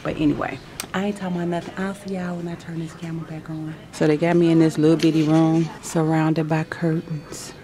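A woman's voice: low voice, little pitch movement, a little fast, mellow, slight background noise. A nervous woman vlogging casually to a handheld camera at home and in a hospital pre-op room, chatty, slangy and laughing often. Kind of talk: casual vlog chat to camera.

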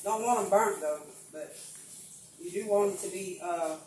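A woman's voice: lowish voice, measured pace, dark tone, slight background noise. An older woman chatting casually to viewers as she cooks in her home kitchen, calling them y'all. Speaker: cooking vlogger. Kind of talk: casual home cooking vlog. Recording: echoey room, mic at a distance.

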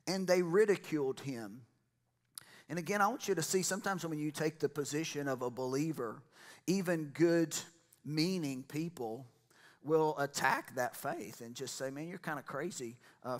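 A man preaching a lively sermon, building to loud excited shouts and exclamations. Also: on the high side, moderate pace. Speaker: pastor.

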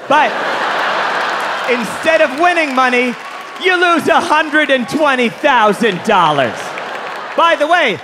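A man doing stand-up comedy on a large theater stage, animated and incredulous, often shouting his punchlines. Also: extremely high pitch. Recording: live theater recording with crowd noise. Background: crowd laughing and applauding.

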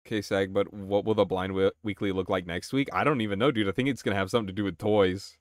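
A young man chatting casually on his game live stream, excitable, swearing and reacting to chat. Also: fairly low pitch, quick pace, no echo, clean studio sound.

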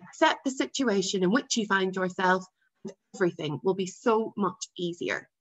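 A woman reading aloud voices a stern, quietly commanding middle-aged father, measured and cold. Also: mid-range voice, expressive, breathy edge. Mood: dismissive. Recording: dull lo-fi sound.

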